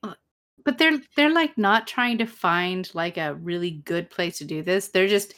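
A woman co-hosting a podcast, recapping a TV episode from her notes with animated, blunt humor. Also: lowish voice, unhurried. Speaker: podcast co-host. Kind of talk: casual chat recapping a TV episode.

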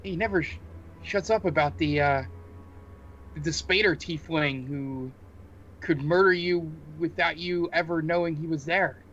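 A man's voice: a little high, a little slow, a bit bright, slight background noise. A man playing a horned devil lord. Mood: sly. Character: commanding devil lord, horned, eye-patched. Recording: dull muffled sound with faint music.

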